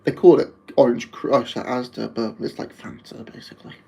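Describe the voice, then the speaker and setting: A man's voice: medium pitch, steady tone, normal speed, gravelly, darkish tone, low-quality recording. A man with a Wolverhampton accent chatting casually on a live stream, rambling and laughing often.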